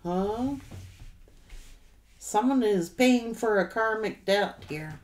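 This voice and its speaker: A woman talks through a tarot reading for a general audience. She speaks slowly, at an ordinary pitch for a woman. She addresses the viewer directly and breaks into sudden exclamations. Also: expressive. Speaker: tarot reader.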